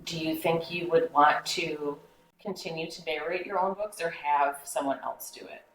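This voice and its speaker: A woman co-hosting a podcast, chatty and teasing, quick to laugh. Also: deep voice. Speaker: podcast co-host. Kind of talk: casual podcast chat. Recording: echoey room with faint background noise.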